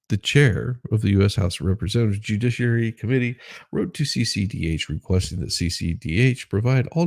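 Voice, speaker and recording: A man's voice: fairly low pitch, vocal fry, darkish tone, no room sound, studio quality. A man hosting his own show, reading news articles aloud and breaking off into sarcastic, rambling asides and self-deprecating remarks. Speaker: host.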